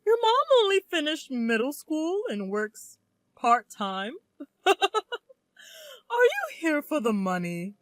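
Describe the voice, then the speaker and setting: A woman's voice: high voice, huge pitch swings, slow, no echo, pitched above the performer's own voice, heavily acted. A woman voicing a sneering, condescending wealthy in-law in a narrated story. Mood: mocking. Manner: mocking, condescending.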